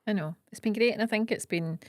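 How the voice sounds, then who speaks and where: A woman's voice: mid-range voice, quick pace, no room sound, studio quality. A middle-aged Scottish woman co-hosting a podcast, speaking in enthusiastic, reflective casual chat. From Scotland. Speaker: podcast co-host.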